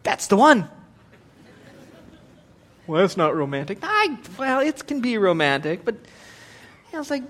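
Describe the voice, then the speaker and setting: A middle-aged man preaching a sermon as a pastor, animated and joking, acting out voices as he goes. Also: very high voice, a little slow, pauses often.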